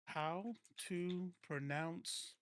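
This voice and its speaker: A man's voice: high-pitched, drawn-out words, fairly bright tone. A man hosting a casual political commentary livestream, rambling and self-correcting, laughing often and swearing freely.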